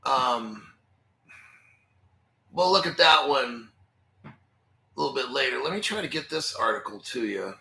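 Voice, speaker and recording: A man hosting a crypto video, rambling and conspiratorial, swearing freely and answering his own questions. He talks at an unhurried, drawn-out pace, and his tone is piercingly bright and a touch high. The sound bounces around a bare, echoey room. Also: animated, creaky. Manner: profane, conspiratorial, talks to himself. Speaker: crypto channel host. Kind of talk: rambling screen-share commentary.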